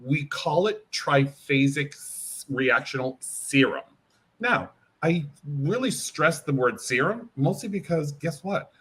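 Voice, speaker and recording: Husky man demonstrating a hair product. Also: fairly high pitch, slow pace. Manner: animated, demonstrative, acts out client dialogue. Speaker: hair care brand educator. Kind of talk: interview, explaining and demonstrating.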